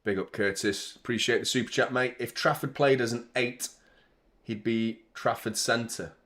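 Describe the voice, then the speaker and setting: A young man hosting a live football watchalong, chatting casually with viewers and shouting out at big moments. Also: mid-range voice, moderate pace. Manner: laid-back chat that jumps to loud excited reactions. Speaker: watchalong host.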